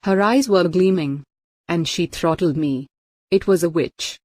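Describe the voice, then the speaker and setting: A woman's voice: fairly low pitch, measured pace, darkish tone, no room sound. A woman voicing a frightened young woman who insists she saw a witch, read out plainly.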